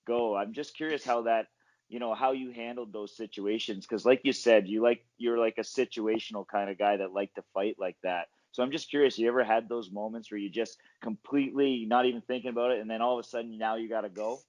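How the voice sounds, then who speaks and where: Rambling podcast host, dull dry sound. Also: male voice, fairly low pitch, steady tone, brisk, a little mellow, no room sound. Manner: rambling, leans on many filler phrases. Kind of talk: casual interview questions.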